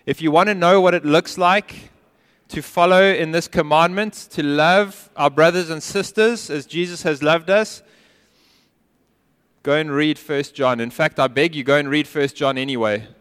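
Smooth-voiced pastor preaching in a reverberant hall. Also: male voice, a little high, normal speed. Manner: earnest and emphatic, dropping to quiet intensity. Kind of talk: sermon.

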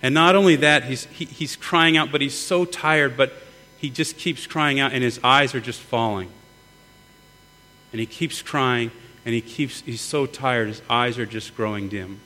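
A man's voice: medium pitch, measured pace, bright, forceful tone. A middle-aged man preaching a sermon earnestly, often repeating words as he builds. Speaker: pastor. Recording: long hall reverb, mains hum.

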